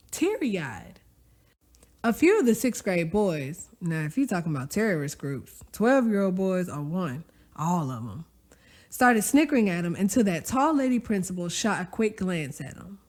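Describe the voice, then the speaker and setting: A woman narrating a story aloud, expressive and conversational, with folksy asides to the listener. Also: mid-range voice. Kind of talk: audiobook-style story narration.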